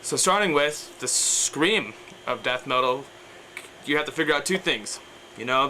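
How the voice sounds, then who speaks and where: A man's voice: medium pitch, pushed and bright, slight background noise, poor audio. A young man explaining death metal vocals in a casual, rambling way, full of fillers and trailing off, breaking into growls and screams as he demonstrates. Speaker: vocal tutorial maker.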